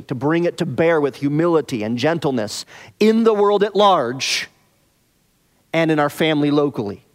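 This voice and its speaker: A man preaching an expository sermon, earnest, dropping soft and slow on key phrases. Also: on the high side. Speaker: pastor.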